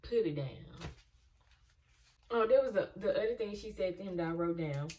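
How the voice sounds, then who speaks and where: A woman's voice: medium pitch, normal speed, far from the mic. Exasperated young woman ranting about a show. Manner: animated, exasperated, talks back to the characters. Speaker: reaction video host. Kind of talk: casual TV reaction commentary.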